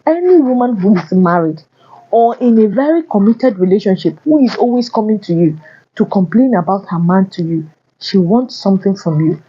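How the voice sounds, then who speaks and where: A woman delivers a casual advice monologue, hammering home her warnings with blunt repetition. Her voice is husky and soft-toned. The recording is a little muffled and lo-fi. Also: mid-range voice. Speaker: relationship advice vlogger.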